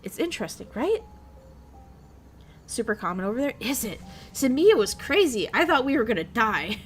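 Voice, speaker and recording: A woman's voice: on the high side, sing-song, moderate pace, soft background music. A young woman streamer chatting casually, rambling along and swearing freely. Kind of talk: casual chat.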